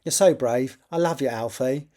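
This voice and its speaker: A man reading a novel draft aloud, voicing a brave, tender seventeen-year-old East End girl with a rough East End accent. He speaks gently and reassuringly. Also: medium pitch, moderate pace, natural voice. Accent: attempted East End London.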